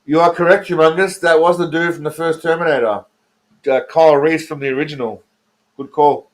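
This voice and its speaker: A man's voice: fairly high pitch, fairly even intonation, brisk. An Australian man streaming live, joking and rambling as he talks to his chat by name while reacting to trailers.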